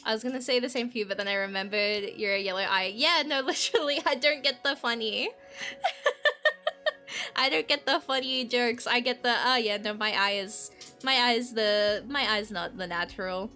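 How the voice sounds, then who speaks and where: A woman's voice: fairly high pitch, normal speed, bright, forceful tone, faint music behind. A young woman streaming a game, gushing and rambling with many filler words as she comments and reads aloud.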